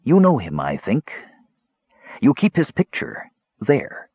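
A man's voice: medium pitch, wildly swooping pitch, slow pace, slightly rough, dry recording, lo-fi sound, heavily acted. Man voicing a guarded, bitter mage. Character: cool, guarded male mage, terse and bitter.

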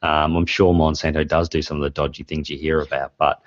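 Podcast host, man, forties, very low voice, rambling anecdotes, dry dull lo-fi recording. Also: little pitch movement, a little fast, dry recording. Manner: rambling storyteller, laughs often. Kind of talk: casual chat.

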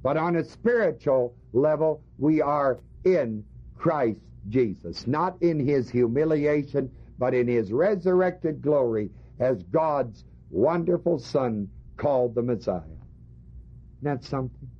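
A man preaches slowly but with animation, his husky mid-range voice carrying a sermon on a Bible passage. Emphatic and fond of rhetorical questions, he addresses his congregation on a dull, lo-fi recording.

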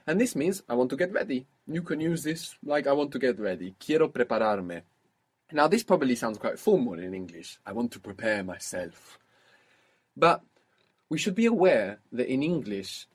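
Brief: male language tutor, slightly husky, very animated intonation, patient prompting style. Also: medium pitch. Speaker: language teacher. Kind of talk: spoken language lesson.

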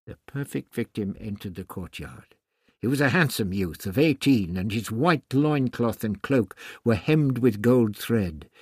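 A man narrates an audiobook from a script, telling the story in a measured yet expressive way. His medium-pitched voice is slightly rough, and the clean studio recording has no room sound.

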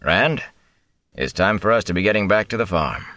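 A man reading an audiobook, voicing a stern, firm middle-aged farmer father who speaks in a measured way. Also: low-pitched, expressive, sharp tone, dry recording. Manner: measured, deliberate, brooks no argument. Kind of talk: audiobook character voice.

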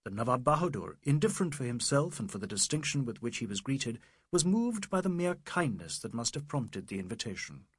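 Male audiobook narrator, husky and very expressive, measured, dry close sound. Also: medium pitch, no room sound. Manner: measured literary reading. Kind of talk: scripted narration.

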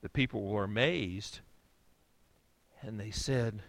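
A male pastor preaching a sermon, telling the story in a lively way that swings from hushed lines to loud outbursts. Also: fairly low pitch, slow, vocal fry, long pauses, no room sound.

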